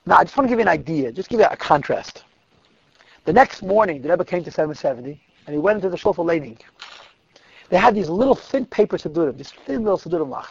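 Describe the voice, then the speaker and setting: Man storyteller, high gravelly voice, husky, vivid dramatic telling, dull dry lo-fi recording. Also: expressive, fast talker. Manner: vivid, dramatic, drops to a hush at tense moments. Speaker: storyteller speaking to girls. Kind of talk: animated storytelling talk.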